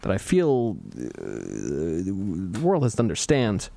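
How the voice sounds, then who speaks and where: A man's voice: deep voice, wildly swooping pitch, slow pace, gravelly, dark tone, a little hiss or hum. A man co-hosting a podcast, making a blunt, profane argument in casual talk. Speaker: podcast co-host.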